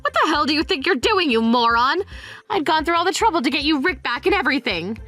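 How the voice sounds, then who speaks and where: A woman's voice: high-pitched, lively intonation, fast, pushed and bright. A synthetic woman's voice reading a greedy, insulting middle-aged mother in a text-message story. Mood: furious. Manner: harsh, insulting. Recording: faint music underneath.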